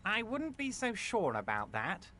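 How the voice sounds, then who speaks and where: A man's voice: high voice, huge pitch swings, measured pace, sharp tone, no room sound, exaggerated voice. An actor voicing a smug, overconfident male union boss in a game, with a nasal, patronizing manner. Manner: smooth, patronizing reassurance. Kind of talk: video game voice acting.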